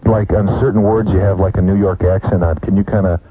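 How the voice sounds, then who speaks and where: A man posing as a program director on a phone call, calmly coaxing and directing. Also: sits low, fast talker, breathy edge. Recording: phone line with faint hiss.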